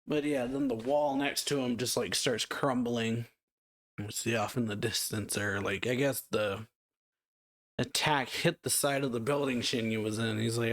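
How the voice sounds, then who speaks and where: A man's voice: mid-range voice, slow pace, long pauses. A man hosting a reaction channel, loosely retelling a comic chapter with plenty of fillers and reading character lines aloud in a slightly raised voice. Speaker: manga reaction channel host. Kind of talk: casual chapter recap.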